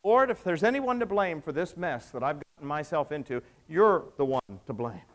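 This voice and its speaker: A man with a high, light voice delivers a sermon. He tells stories with drama, dropping low and soft and then building up again. His delivery is that of a practiced preacher. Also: expressive, normal speed. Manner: dramatic retelling with acted quotes, swinging from hushed to raised.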